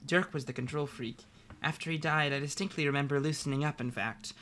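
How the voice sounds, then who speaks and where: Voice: mid-range voice, fairly even intonation, brisk, a bit bright, slight background noise, natural voice. A reader doing a dramatic read-aloud as a formal, condescending woman. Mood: icy. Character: prim, controlling woman, icy and formal.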